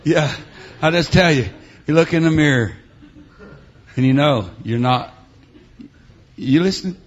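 A middle-aged preacher man delivers a revival sermon through a church PA, his voice sitting a bit high for a man. He jumps from shouting to near-hushed storytelling and keeps dropping in "uh, amen" and "huh?". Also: measured pace, lo-fi sound. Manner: swings between shouted preaching and quiet storytelling. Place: church sanctuary with PA.

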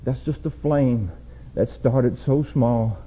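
A young man preaching a sermon, swinging from low, quiet warnings to loud shouted exhortation. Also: slow, husky. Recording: dull lo-fi church recording.

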